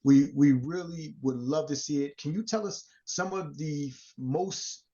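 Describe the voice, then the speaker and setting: Mellow, halting podcast co-host, muffled. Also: male voice, fairly high pitch. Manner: halting, restarts phrases while building up a question. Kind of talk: casual podcast chat.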